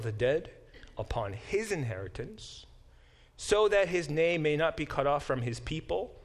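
A man's voice: fairly high pitch, lively intonation, measured pace. A middle-aged man teaching a Bible class, explaining verses, often correcting himself, and reading passages aloud with emphasis. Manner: explanatory, digressive, self-correcting; reads verses aloud with emphatic, lifted delivery. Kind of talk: lecture.

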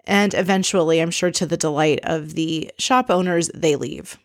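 Woman host, lowish voice, dry close sound; blunt, exasperated recap delivery with frequent swearing. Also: normal speed, dry recording. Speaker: podcast host recapping a reality show. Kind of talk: casual recap commentary.

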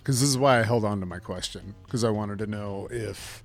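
A man playing a tabletop game, joking with the table and narrating his character's actions in a playful, drawn-out way. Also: lowish voice, steady tone, gravelly, soft background music. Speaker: player.

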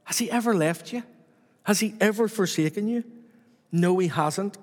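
A man's voice: sits high, moderate pace, big-room sound. A man preaching a sermon to his church with repetitive, rhythmic emphasis.

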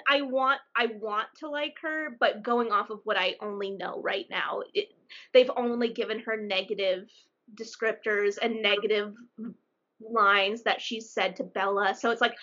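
A woman co-hosting a podcast, chatting casually about a book in an animated way, with frequent restarts. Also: fairly high pitch, highs cut off. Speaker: podcast co-host.

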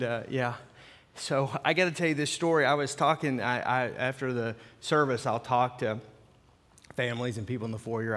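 A man's voice: mid-range voice, a bit bright. A man who is a senior pastor, preaching a sermon in a loose, conversational way full of restarts and asides. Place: church sanctuary with live congregation. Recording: long hall reverb.

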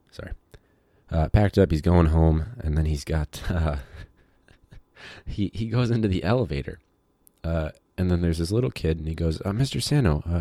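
A man who teaches high school, talking in a rambling, casual podcast monologue full of fillers and digressions. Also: dark tone, dry recording, clean studio sound.

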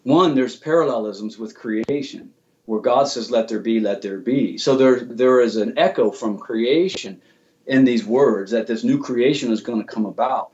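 A man's voice: medium pitch, moderate pace, darkish tone. Man explaining theology, earnest, keeps restarting words, kinda dull lo-fi audio. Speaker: guest theologian.

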